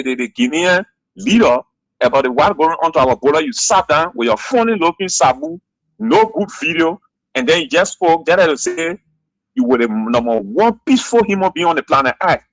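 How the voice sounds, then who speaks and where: A man's voice: fairly high pitch, vocal fry, fairly bright tone, no echo, low-quality recording. A man with a Liberian English accent calling in to a radio show, heated and critical, repeating his points. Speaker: caller. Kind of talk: call-in radio talk.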